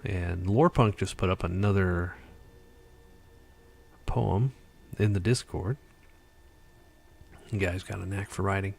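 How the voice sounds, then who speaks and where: A man's voice: low voice, takes it slowly, vocal fry, pauses often, darkish tone, slightly rough. A tired man hosting a casual livestream chat, rambling with lots of fillers. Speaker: livestream host.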